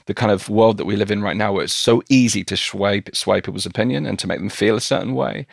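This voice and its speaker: A man with a low, gravelly voice talks earnestly as a podcast guest. He often breaks off and restarts his phrases. The sound is close and dry, with no room echo. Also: fast talker. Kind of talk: casual conversation.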